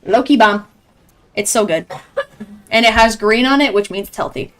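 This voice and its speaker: An excitable young woman calls a competitive match live. Her voice sits a little high, and she chats freely between plays as she reacts to each attack. She sounds close on a headset mic. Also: moderate pace. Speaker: esports caster. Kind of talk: live game commentary.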